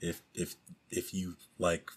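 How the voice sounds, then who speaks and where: A man's voice: low-pitched, monotone, takes it slowly, slightly rough. A man co-hosting a casual podcast chat, joking with blunt, slangy humor. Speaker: podcast co-host.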